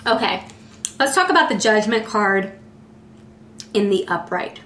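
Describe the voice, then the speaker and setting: A woman's voice: mid-range voice, expressive, measured pace, bright, forceful tone, slight background noise. A woman giving a casual tarot reading in a chatty way, often filling with "like" and searching for words. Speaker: tarot reader. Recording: roomy echo.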